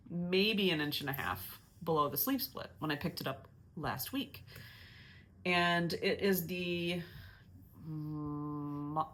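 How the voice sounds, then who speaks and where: A woman's voice: deep voice, a little hiss or hum. A woman hosting a knitting podcast, talking casually in a chatty, self-mocking, rambling way with many restarts. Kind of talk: casual chat.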